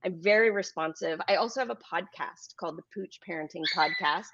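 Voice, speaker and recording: A woman's voice: on the low side, brisk, highs cut off, background noise. A woman guest talking casually about her free course and podcast, friendly and chatty. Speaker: guest, dog trainer. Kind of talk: casual interview chat.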